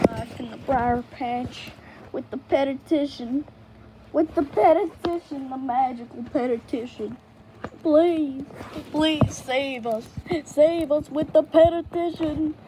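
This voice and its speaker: A woman's voice: high-pitched, slow pace, noisy background. Young woman doing a pleading briar patch critter. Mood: desperate. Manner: begging, repetitive and melodramatic.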